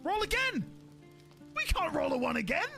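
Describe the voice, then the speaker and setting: A woman streaming a game live, excitable and laughing often as she talks to her chat. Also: high-pitched, normal speed, gravelly. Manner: excitable, squealing and laughing a lot. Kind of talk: casual live-stream chat while playing. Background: music.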